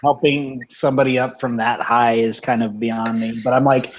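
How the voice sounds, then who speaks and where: A man's voice: medium pitch, level tone, moderate pace, slight background noise, low-quality recording. A man playing a tabletop role-playing game, earnest with jokey in-character asides. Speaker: player.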